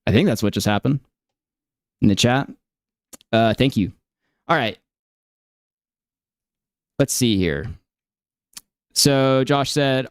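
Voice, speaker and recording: Male stream host, mid-pitched smooth clear voice, dry close sound, casual incredulous commentary with ums. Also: slow, long pauses, dry recording. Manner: incredulous, hedging, many fillers. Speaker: stream host reacting to clips.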